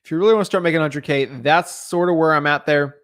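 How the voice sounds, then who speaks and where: A man's voice: fairly high pitch, a bit bright. Upbeat young man coaching viewers. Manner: fast, casual, filler-heavy, addresses viewers as guys. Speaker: real estate coach. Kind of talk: casual teaching livestream.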